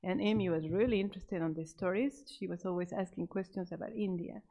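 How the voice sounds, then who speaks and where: A woman telling a missionary story to a church class, speaking off the cuff with fillers and restarts and voicing the characters' lines. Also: fairly quick. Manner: animated, acts out the quoted characters with raised pitch; many fillers and restarts, unscripted. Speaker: Sabbath School storyteller.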